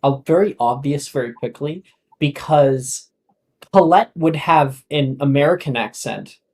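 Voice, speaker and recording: A game master narrating a tabletop role-playing game in a casual, halting way with many fillers. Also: medium pitch, a little mellow, rough recording.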